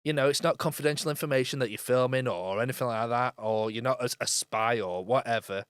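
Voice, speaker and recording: Smooth-voiced man agreeing along. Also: mid-range voice, dry recording, studio quality. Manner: agreeable, chimes in with quick yeahs. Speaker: podcast co-host. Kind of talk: casual chat.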